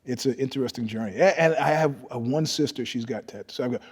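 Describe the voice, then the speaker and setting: A middle-aged man, a podcast guest, telling stories in a husky voice, swinging from loud bursts to hushed asides. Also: medium pitch, quick pace. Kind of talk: storytelling in casual conversation. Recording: long reverb.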